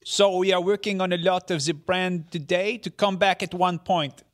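Guy putting on a french accented company boss, slow and stiff, pitched up. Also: steady tone, lightly acted. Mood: earnest. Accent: French (put on). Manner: slow, halting, formal phrasing.

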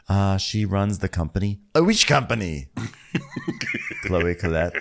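Man, podcast co-host, lowish voice, animated delivery, comic storyteller. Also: a little slow, gravelly. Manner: playful storytelling, acts out quotes, laughs often. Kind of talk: comedic recap chat.

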